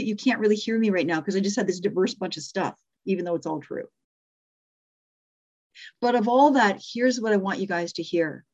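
Middle-aged female speaking coach, mid-pitched, thinks aloud and corrects herself, slightly muffled recording. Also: a little mellow. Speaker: communication coach. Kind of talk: live workshop teaching.

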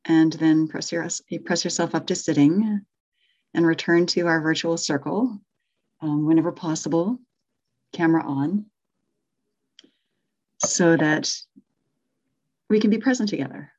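A woman leads a group through a guided meditation on a video call, her voice on the lower side and soft as she talks them through the breath. She turns bubbly and excited as she welcomes people back. The audio is dull and lo-fi. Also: measured pace, long pauses. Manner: gentle, soothing guidance that turns bubbly and excited. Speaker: meditation teacher leading an online group.

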